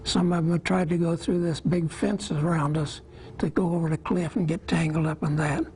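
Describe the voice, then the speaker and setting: A man in his eighties from Iowa, a war veteran telling his memories in an interview, plain-spoken and halting, with small pauses. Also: on the high side, flat delivery, darkish tone, slight background noise, rough recording.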